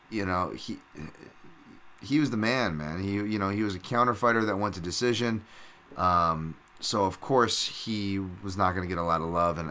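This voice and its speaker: A man's voice: low-pitched, bright, forceful tone, a little hiss or hum. A middle-aged man hosting a casual solo podcast, rambling and swearing freely with lots of fillers and restarts. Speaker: podcast host.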